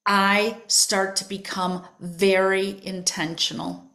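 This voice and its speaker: An older woman hosting a podcast, telling a personal spiritual story in a soft, emotional way that drifts into whispers. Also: mid-range voice, flat delivery, slow, gravelly. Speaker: podcast host.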